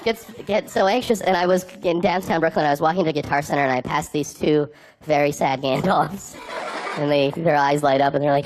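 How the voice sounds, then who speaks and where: A man doing a stand-up comedy set, rambling in a halting, deadpan way with many fillers. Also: fairly high pitch, background noise.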